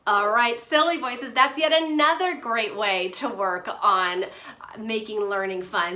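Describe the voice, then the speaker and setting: A woman's voice: a little high, takes it slowly, pushed and bright. A woman occupational therapist giving upbeat, playful teaching tips to parents and teachers, at times chatting with a hand puppet. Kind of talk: instructional talk to parents and teachers.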